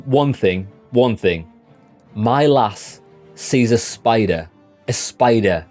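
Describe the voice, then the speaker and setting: Young British male game streamer: low, warm voice, rambling, blunt, sweary chat with viewers. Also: expressive, slow pace, faint music behind. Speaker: gaming livestreamer. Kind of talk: casual chat with live chat.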